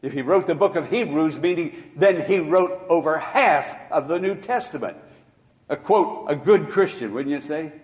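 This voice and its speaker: An older man preaching a sermon as pastor, shifting from hushed storytelling to loud, emphatic exhortation. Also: on the high side, big-room sound.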